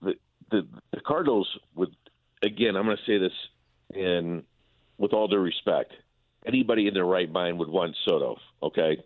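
A man's voice: low-pitched, moderate pace, no echo. A man, a baseball broadcaster, talking casually about his team, often stumbling and repeating words as he restarts his sentences. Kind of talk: casual sports talk by phone. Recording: tinny phone line.

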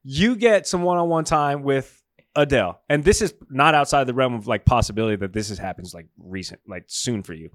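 A man's voice: medium pitch, fairly quick, dry recording, studio quality. A man co-hosting a podcast in casual chat, bantering in a playful, teasing way. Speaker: co-host.

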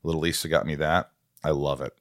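Deep-voiced man hosting a podcast. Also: fairly even intonation, fairly bright tone, dry recording, clean studio sound. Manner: playful, joking, reads names quickly. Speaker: podcast host. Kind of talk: casual chat.

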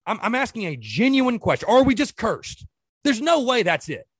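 A man's voice: very high-pitched, very animated, moderate pace, slightly rough, no echo, clean studio sound. A man hosting a sports podcast, ranting in an exasperated way and firing off rhetorical questions in casual commentary.

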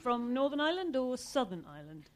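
A woman's voice: high voice, sing-song, fairly quick, voice pushed up. A woman voicing a stern, suspicious older English father who speaks in a dry, probing way.

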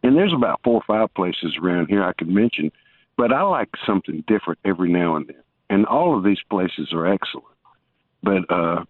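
On a tinny phone line, a caller with a fairly low voice chats casually with a talk-show host. He rambles, keeps restarting sentences, and teases the host in good humor. The recording is dry.

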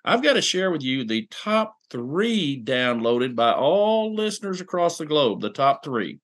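A man's voice: a little high, sing-song, unhurried, fairly bright tone. A man hosting a podcast, talking in an earnest, encouraging way and telling stories in a casual chat. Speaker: podcast host.

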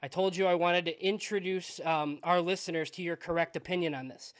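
A man hosting a podcast, asking questions in a relaxed, conversational way. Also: high voice, brisk. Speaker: podcast host. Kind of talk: casual interview.

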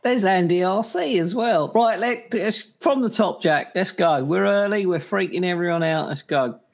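A man co-hosting a livestream, brisk and upbeat in casual chat. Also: high-pitched, gravelly.

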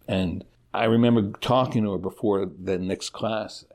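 A middle-aged man, a teacher, answering interview questions about his life in a halting way, often restarting and repeating words. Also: on the low side, fairly even intonation, darkish tone.

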